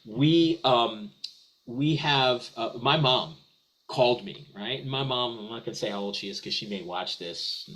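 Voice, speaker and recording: Speaking unhurriedly in a mid-range, slightly bright voice, this man is captured on a low-quality recording. As a business webinar guest, he answers with enthusiasm, frequently starting over and repeating himself in casual discussion.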